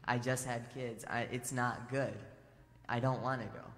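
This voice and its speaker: A man's voice: medium pitch, steady tone, moderate pace, fairly bright tone, close to an everyday voice. A man voicing an anxious young husband and father who pleads that he does not want to go, heard in a reverberant hall. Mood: panicked.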